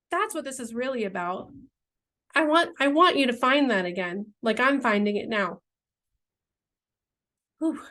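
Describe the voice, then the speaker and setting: In an emotional vlog, an entrepreneur earnestly lays out the vision for her brand, rambling and searching for words, at times close to tears. Her voice is a little high and a bit bright.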